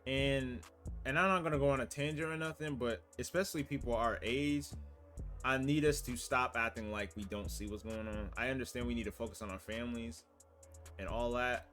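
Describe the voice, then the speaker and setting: A man's voice: mid-range voice, normal speed, a bit bright, faint music behind. A young American man in a casual opinion monologue, earnest and full of rhetorical questions and "you know what I'm saying" asides. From United States. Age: young adult. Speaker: vlogger.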